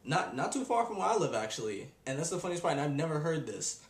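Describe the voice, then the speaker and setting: A young man ranting on his video blog in an exasperated, animated way. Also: on the high side, fast talker. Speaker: vlogger. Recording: echoey room.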